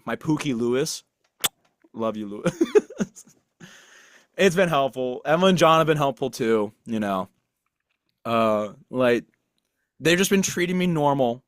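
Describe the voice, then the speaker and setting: A man's voice: mid-range voice, lively intonation, measured pace, pauses often, no room sound. A young man co-hosting a podcast, talking casually in a rambling, self-deprecating way, with lots of restarts and fillers. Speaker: podcast co-host. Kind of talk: casual chat.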